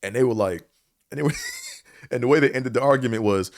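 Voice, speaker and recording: A man's voice: mid-range voice, fairly quick, a little mellow, no room sound, clean studio sound. A man hosting a podcast, telling a story and reflecting in a rambling, casual way, with many fillers and casual swearing. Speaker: podcast host.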